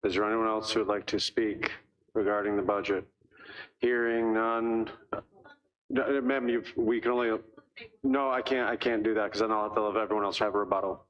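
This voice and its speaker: Male board chair, lowish voice, formal and repetitive procedural delivery. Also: level tone, normal speed, fairly bright tone, highs cut off. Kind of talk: chairing a public hearing.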